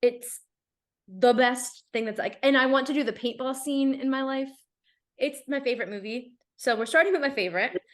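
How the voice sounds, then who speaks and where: A woman's voice: sits high, moderate pace. Chatty young woman, casual podcast talk. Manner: chatty, frequent "like" fillers, animated. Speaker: podcast guest. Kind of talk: casual chat.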